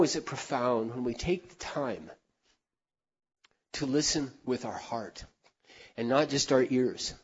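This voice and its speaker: A middle-aged man telling heartfelt stories in a sermon, earnest, dropping to a hush and then rising loud for emphasis. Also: fairly high pitch, slightly rough, dull audio. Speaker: speaker.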